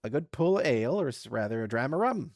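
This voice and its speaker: A man's voice: mid-range voice, sing-song, fairly quick, darkish tone, no echo, clean studio sound. A man putting on a flirty tavern barmaid.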